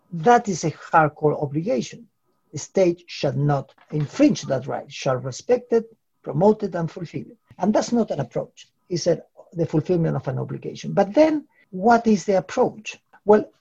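A man answers interview questions at length in a formal, lecturing manner and sometimes poses rhetorical questions. His voice is dark and mellow with a gravelly, husky edge. The recording sounds dull and lo-fi. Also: a little high. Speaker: human rights expert interviewee.

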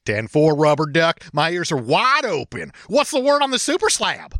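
A man's voice: fairly high pitch, big pitch swings, normal speed, a bit bright, no room sound, clean studio sound. A man voicing a male trucker chatting on a CB radio, reading a comedy script in a hammy, half-committed way.

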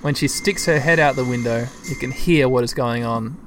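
A man's voice: mid-range voice, moderate pace, a little hiss or hum. A man giving casual gameplay commentary as a let's-play host, chatty and thinking aloud as he talks to his listeners.

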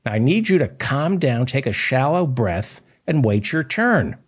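A man voicing a condescending health insurance clerk who talks in a mock-soothing, passive-aggressive way, with a husky voice. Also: medium pitch, big pitch swings, unhurried, voice pushed up.

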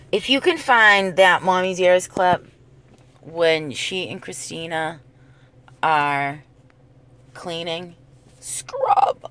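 A woman telling stories in a casual, profane, rambling way, going off on tangents. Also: medium pitch. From New England. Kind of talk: casual storytelling monologue.

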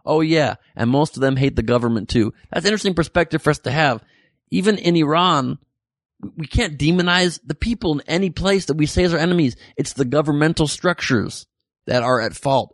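A man's voice: on the high side, dry recording, studio quality. A man hosting a comedic weekly news podcast, reading listener messages with jokey, irreverent asides. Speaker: podcast host.

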